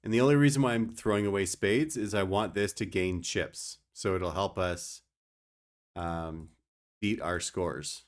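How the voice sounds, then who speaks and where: A man's voice: deep voice, a little slow. A young man streaming a card game, explaining his moves and joking with his chat. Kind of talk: casual gameplay commentary.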